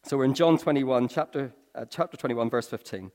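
A man preaching a sermon, telling stories with swings from hushed to excited. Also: mid-range voice, fairly quick. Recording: long reverb of a large hall.

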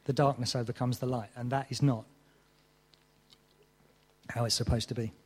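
A man's voice: mid-range voice, steady tone, normal speed, breathy edge, long reverb tail. A man preaching a sermon, telling a story with mock exasperation.

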